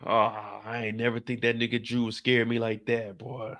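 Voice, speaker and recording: A man's voice: medium pitch, normal speed, dry recording. A man giving a comedic, slangy recap of a TV episode, acting out scenes as he goes. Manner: animated, slangy, acts out scenes. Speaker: show recap commentator. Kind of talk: comedic show recap storytelling.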